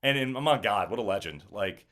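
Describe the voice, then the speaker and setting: A young adult man, an actor, chatting in an interview and telling lively stories with lots of fillers. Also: on the low side, fairly quick. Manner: animated storyteller, acts out quotes. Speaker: actor guest. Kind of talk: casual interview chat.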